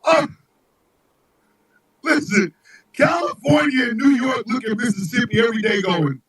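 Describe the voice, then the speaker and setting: A man hosting a live talk show, ranting comedically in a profane, animated way, often shouting. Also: very high voice, a little slow, poor audio. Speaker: host.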